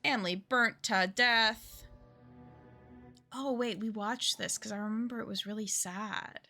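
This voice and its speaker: A woman's voice: medium pitch, measured pace, pushed and bright. A woman giving casual, jokey commentary while streaming a game, chatty with rambling asides. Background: game music.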